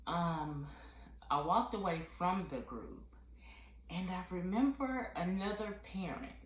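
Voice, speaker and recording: Low-pitched woman telling her story straight to camera, halting and heartfelt, echoey room. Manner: heartfelt, halting, with many fillers. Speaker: vlogger sharing a personal testimony. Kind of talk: candid personal testimony.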